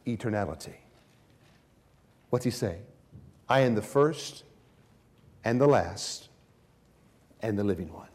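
A man preaching a sermon, swinging from hushed, drawn-out phrases to raised, emphatic declarations. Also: medium pitch.

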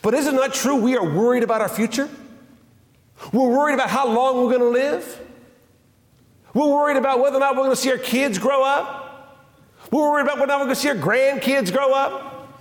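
High-voiced preacher in an echoing hall. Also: male voice, brisk, long pauses. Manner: emphatic, repetitive, drops his voice low for scripture. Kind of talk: sermon. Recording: echoey hall with long reverb.

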